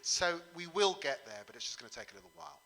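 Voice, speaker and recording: Emphatic bright-voiced man on a panel. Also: a little high, lively intonation, fast talker, gravelly, in a large hall, rough recording. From England. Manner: emphatic, rising and falling delivery with fillers. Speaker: panel speaker. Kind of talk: public panel discussion.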